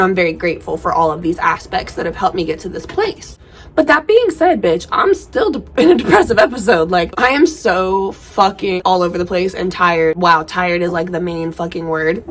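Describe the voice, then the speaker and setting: A woman's voice: mid-range voice, a little hiss or hum. Frank, profane woman podcast host. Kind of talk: casual stoner podcast chat. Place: outdoors. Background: faint outdoor ambience.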